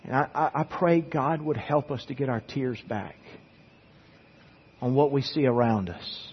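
Husky-voiced male pastor preaching earnestly. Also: mid-range voice, a little slow. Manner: earnest preaching with repeated words. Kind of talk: sermon. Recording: echoey church hall, dull lo-fi sound.

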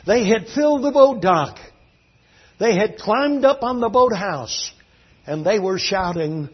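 A man preaching a sermon as a fervent, dramatic storyteller whose voice swings between hushed and loud. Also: sits high, expressive, measured pace, husky. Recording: dull lo-fi recording.

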